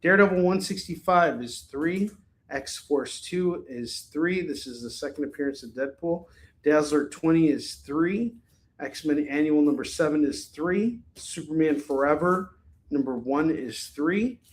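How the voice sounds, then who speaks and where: A man with a fairly high voice hosts a live-stream shopping sale, keeping up a chatty, upbeat patter at a slightly slow pace. In a casual, friendly flow, he reads out items and prices one after another.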